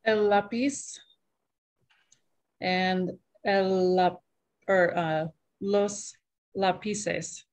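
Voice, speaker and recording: A woman student speaking extremely slowly, with careful, hesitant pauses as she tries new vocabulary. Her voice sits at an ordinary middle pitch. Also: steady tone, darkish tone. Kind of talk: language class practice.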